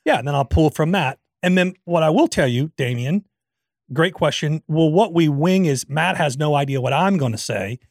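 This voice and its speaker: A man's voice: fairly high pitch, animated, moderate pace, no room sound, clean studio sound. A man co-hosting a podcast in a joking, self-mocking casual chat. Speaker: podcast co-host.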